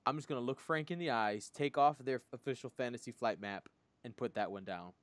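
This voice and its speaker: A man of middle pitch trading jokes on a podcast and laughing often. His voice comes across dry and close, with no room sound around it. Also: brisk, dry recording. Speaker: podcast co-host. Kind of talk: casual podcast chat.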